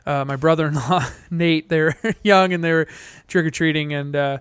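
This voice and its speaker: A man's voice: fairly high pitch, steady tone, normal speed, a bit bright, clear, resonant tone, no room sound. Laughing young man telling stories. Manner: laughing storyteller, breaks into goofy put-on voices. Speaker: podcast co-host. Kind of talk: casual chat.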